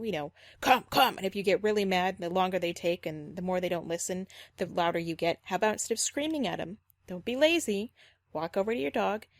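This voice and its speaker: A woman's voice: mid-range voice, no echo, clean studio sound. A woman dog trainer giving reaction commentary, critical and explanatory, repeating her points firmly.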